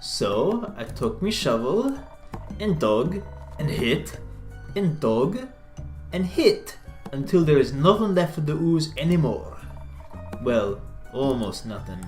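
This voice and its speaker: A streamer voicing a hot-headed, rough female blacksmith adventurer in an attempted Scottish accent, gruff and dialect-heavy. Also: mid-range voice, big pitch swings, takes it slowly, long pauses, darkish tone, soft background music. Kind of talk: reading game dialogue aloud.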